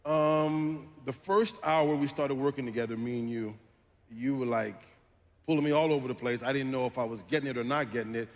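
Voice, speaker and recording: A man's voice: mid-range voice, fairly even intonation, fairly quick. French-native man telling stories. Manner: storytelling, laughs often. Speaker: voice actor. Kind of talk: panel conversation. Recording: echoey hall.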